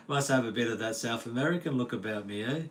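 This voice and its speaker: A man's voice: mid-range voice, fast talker, slight background noise. A man with an Australian accent, casually chatting with his livestream viewers, laid-back and jokey with lots of laughs and slang. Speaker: livestream host. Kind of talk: casual livestream chat reading comments. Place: home.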